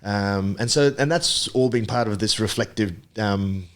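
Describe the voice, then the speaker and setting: A man in his thirties from Papua New Guinea, a podcast guest telling his story in a relaxed, reflective way with many ums and restarts. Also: on the low side, measured pace. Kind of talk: casual interview chat.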